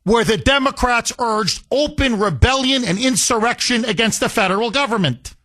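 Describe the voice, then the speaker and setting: A man's voice: very high-pitched, normal speed, bright, forceful tone. A man hosting a talk radio show, delivering a fiery, combative monologue that leans on repetition. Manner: impassioned, combative, repetitive rhetoric.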